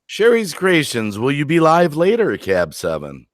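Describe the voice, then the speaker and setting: Lively upbeat man hosting a live stream. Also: a little high, measured pace, no room sound, clean studio sound. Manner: upbeat, repeats catchphrases, reads viewer comments aloud. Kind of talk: casual live stream chat.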